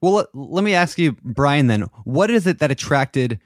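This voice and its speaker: A man hosting a casual podcast interview, animated and repeating words as he starts his points. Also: fairly high pitch, moderate pace, no echo, clean studio sound. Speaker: podcast host.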